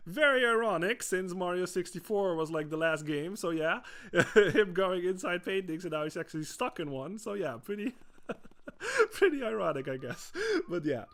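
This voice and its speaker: A man's voice: sits high, animated, moderate pace, fairly bright tone. A man streaming a video game, chatting casually as he plays, laughing often and swearing freely. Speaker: gaming streamer. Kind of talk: gameplay commentary.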